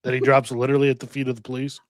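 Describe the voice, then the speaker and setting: A man's voice: mid-range voice, flat delivery, racing, over loud music. A man co-hosting a casual podcast chat, talking hesitantly with many ums while he looks things up. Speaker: podcast co-host.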